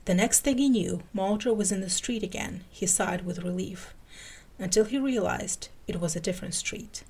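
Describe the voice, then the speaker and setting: A woman's voice: medium pitch, normal speed, vocal fry, husky. A woman podcast host giving a playful dramatic reading of fan fiction.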